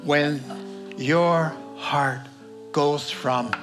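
A man's voice: a little high, steady tone, very slow, over music. A male pastor giving a sermon in a conversational, folksy way with many asides. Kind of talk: sermon with personal story.

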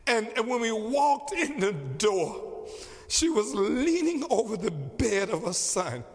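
High-voiced pastor preaching slowly in a hall. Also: male voice, sing-song. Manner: emphatic, repeats key phrases slowly. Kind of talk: sermon. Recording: long reverb of a large hall.

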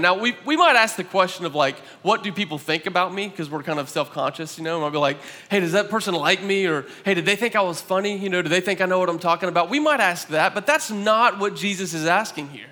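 A man preaching a sermon as pastor, talking conversationally with an animated delivery. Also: high-pitched, in a large hall.

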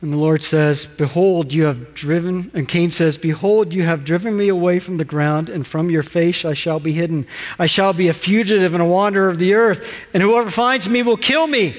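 High-voiced man preaching in a reverberant hall. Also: moderate pace. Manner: animated preaching, rhetorical questions, dramatized quotes. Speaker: pastor. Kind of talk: sermon.

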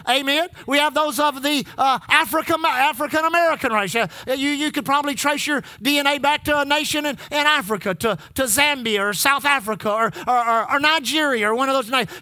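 A man preaching a sermon in a very high, piercingly bright voice. He keeps calling out for amens and repeats key lines for emphasis. His voice sounds close and completely dry. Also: no echo. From Texas. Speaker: pastor.

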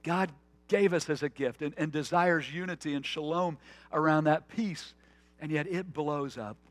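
Earnest higher-voiced male pastor preaching. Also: normal speed, no room sound. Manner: earnest, storytelling, with frequent restarts. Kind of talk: conversational sermon.

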